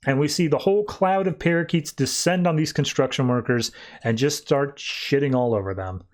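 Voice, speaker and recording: A man hosting a podcast, retelling a comic plot in a rambling, wry, casual way with quick acted quotes. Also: mid-range voice. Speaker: podcast host. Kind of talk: casual comic book recap.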